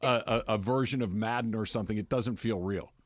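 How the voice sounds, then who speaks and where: A man's voice: lowish voice, fairly quick, no room sound, studio quality. A man hosting a sports radio show, telling casual stories with lots of laughter. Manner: animated, laughs often, tells stories.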